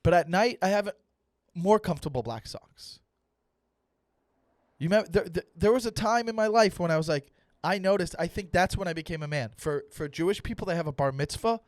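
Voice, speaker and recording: A young man, a comedian hosting his own podcast, ranting loudly in a mock-serious way and swearing for emphasis. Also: high voice, a little fast, no echo, clean studio sound. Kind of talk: solo comedic rant.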